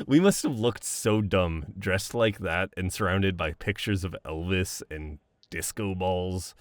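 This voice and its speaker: Guy doing a boyfriend voicemail roleplay, fond and reminiscing, kinda low and slow, dry close sound. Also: no echo. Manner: fond, reminiscing, laughs often, casual swearing. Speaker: boyfriend in an audio role-play. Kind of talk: romantic voicemail role-play.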